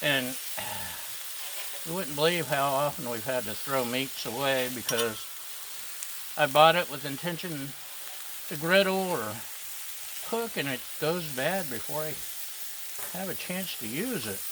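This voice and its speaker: Chatty home cook, playful, mid-pitched voice, outdoors at the griddle, loud sizzling behind. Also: lively intonation, a little slow, long pauses, noisy background. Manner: playful, chatty, talks to the dogs. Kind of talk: casual cooking commentary.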